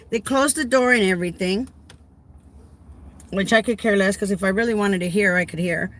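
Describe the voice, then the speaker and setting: A middle-aged woman caregiver, speaking at normal speed with a mid-range voice, pauses often while telling her viewers a story. She's animated and casual, performing the dialogue and raising her voice each time she quotes herself.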